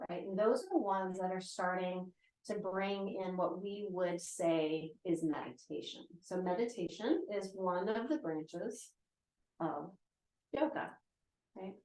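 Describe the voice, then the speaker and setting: A woman's voice: on the low side, a little slow, a little mellow. A woman in her forties teaching yoga and meditation in a casual live lecture, chatty and full of "right?" asides. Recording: roomy echo.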